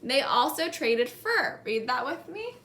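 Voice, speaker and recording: Woman, teacher, call-and-response lesson, high bright voice, echoey room. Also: sing-song. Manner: slow, clear, repeating key words for learners to echo.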